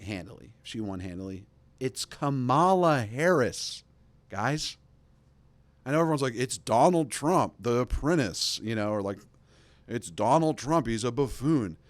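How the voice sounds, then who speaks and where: In a dry recording, a young podcast host rambles through a sarcastic political rant, leaning on filler words and doing mocking impressions. His voice sits on the low side.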